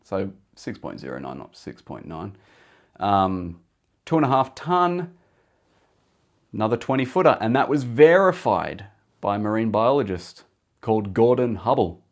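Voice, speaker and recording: A man's voice: on the low side, big pitch swings, unhurried. A man hosting a podcast, talking casually through facts with jokey asides. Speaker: podcast host. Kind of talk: casual solo podcast talk.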